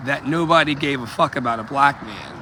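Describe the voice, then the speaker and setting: A man's voice: mid-range voice, a little fast, pushed and bright, a little hiss or hum. A man vlogging outdoors while walking, talking emphatically and repeating himself, with asides to his viewers. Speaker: activist vlogger. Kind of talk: impassioned street vlog.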